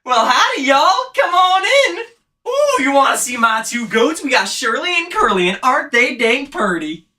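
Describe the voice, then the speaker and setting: A man's voice: very high voice, sing-song, normal speed, pushed and bright, reverberant, far from the mic, voice pushed up, heavily acted. A man doing a hollering Southern hillbilly. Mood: hollering welcome. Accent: put-on Southern US. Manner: hollering, folksy. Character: loud cheerful hillbilly man showing off his goats.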